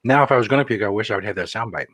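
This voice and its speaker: A man's voice: lowish voice, rapid-fire, a bit bright, no echo. A middle-aged man co-hosting a casual chat show, wry and self-mocking as he reads out viewer comments. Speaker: co-host.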